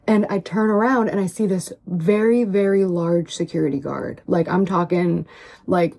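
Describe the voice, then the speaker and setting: A woman's voice: medium pitch, moderate pace, warm tone. A woman earnestly recounting a long story, rambling and filling her talk with "like". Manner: rambling, heavy on "like". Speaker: online personality in a played clip.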